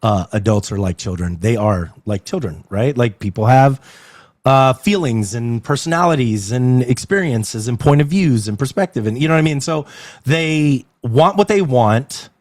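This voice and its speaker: Interview guest: a man of average pitch, talkative and animated, circling back on his thoughts; dry, close-miked sound. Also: normal speed, no echo. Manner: animated, rambling with fillers and laughs. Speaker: interview guest, actor and agency owner. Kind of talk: casual interview chat. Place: club venue indoors.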